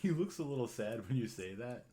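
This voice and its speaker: A man running a tabletop game as game master, rambling from one thing to the next and saying "like" over and over. His voice is lively, rising and falling as he describes the scene. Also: mid-range voice, fairly quick. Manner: rambling, full of "like" fillers.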